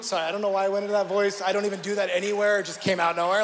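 Male pastor with a high voice, preaching to a live congregation with an animated, jokey delivery that swings between loud and quiet. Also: racing, few pauses, a little hiss or hum. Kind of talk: sermon. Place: church stage before a live congregation.

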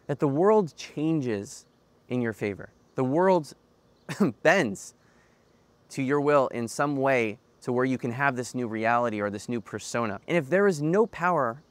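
An earnest young man speaks straight to camera in a reflective, personal monologue. His voice sits at an ordinary middle pitch, and he often circles back and repeats phrases to drive a point home. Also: no echo. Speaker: self-help vlogger.

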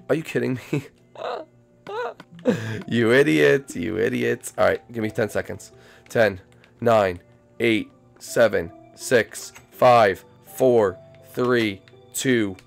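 Giovane uomo che commenta un videogioco, voce ruvida e molto mobile, musica leggera di sottofondo. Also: male voice, lowish voice, vocal fry. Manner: swings from hushed muttering to panicked shrieking; repeats phrases over and over. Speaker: gameplay commentator. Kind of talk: excited game commentary.

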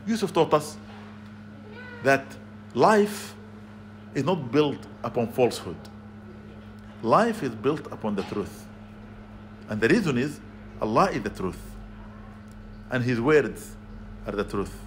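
A man's voice: medium pitch, lively intonation, slow, long pauses, slight background noise. Earnest man preaching a sermon. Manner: earnest, emphatic preaching with Arabic phrases and rising exclamations. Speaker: spiritual advisor giving a talk. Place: community venue.

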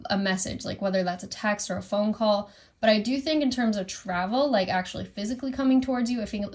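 Young woman, tarot reader, casual rambling talk, lots of fillers, middle pitch, recorded at home. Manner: rambling, many fillers, apologizes for slips. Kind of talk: casual tarot reading monologue.

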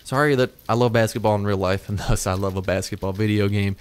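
A man giving casual let's-play commentary as a gaming video host, excitable and swearing, jumping into high-pitched yelps when startled. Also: fast, smooth. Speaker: gaming YouTuber.

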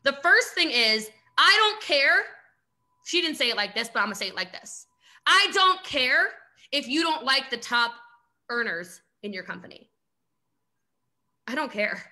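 A woman coach giving an animated, emphatic motivational talk on a video call, often laughing and putting on mock voices. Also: on the high side, moderate pace. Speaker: network marketing coach.

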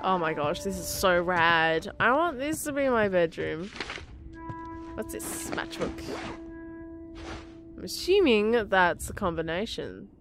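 A giggly, chatty woman commentating on her own gameplay in a relaxed let's-play style. She talks at an unhurried pace and speaks to the characters on screen. Soft game music plays underneath. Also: fairly low pitch.

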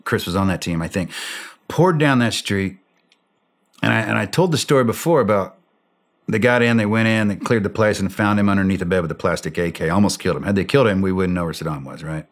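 Low-voiced man telling war stories. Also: quick pace. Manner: animated, laughing, acts out quoted dialogue. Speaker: former special forces operator, podcast guest. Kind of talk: casual war storytelling.

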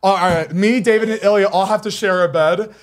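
A man's voice: high-pitched, steady tone, a little fast. A young man co-hosting a podcast, telling a travel story in casual chat and laughing often. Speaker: podcast co-host.

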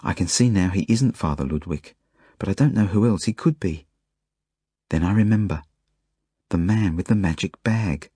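A man reading an audiobook as a first-person narration, in plain, measured storytelling. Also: low-pitched, mellow, slightly rough, no echo. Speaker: audiobook reader.

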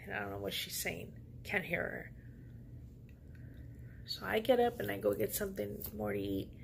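A woman's voice: medium pitch, moderate pace, vocal fry, slight background noise. A woman vlogger telling a story in a casual way, sassy and full of slang. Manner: sassy, slangy, animated retelling.

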